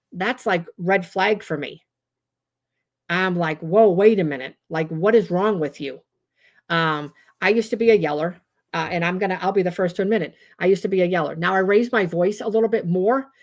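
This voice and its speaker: Woman doing a casual livestream talk, lowish voice, lots of ums, acts out quotes. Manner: chatty with many fillers and restarts. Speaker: trauma-informed educator hosting a show.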